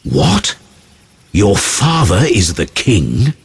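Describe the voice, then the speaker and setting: A controlling old magician , as a man puts him on with a low, gravelly, raspy voice. He speaks slowly and sternly, his pitch moving widely. It is a storybook reading. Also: wildly swooping pitch, dry recording, soft background music, exaggerated voice. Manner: slow, commanding.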